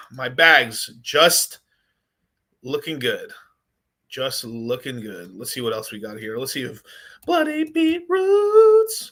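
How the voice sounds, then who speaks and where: Brief: bright-voiced male streamer, rambling and excitable, casual commentary. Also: medium pitch. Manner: rambling, excitable, chats with viewers. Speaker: crypto livestream host.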